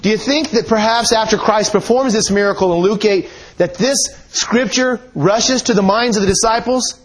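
A man with a fairly high, husky voice delivers a sermon. He reads scripture passages aloud and presses his points with earnest, emphatic rhetorical questions. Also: moderate pace, rough recording. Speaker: preacher.

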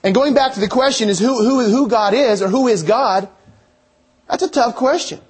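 A man's voice: very high-pitched, moderate pace, breathy edge. A man preaching a sermon in a conversational way, thinking aloud and restarting his phrases.

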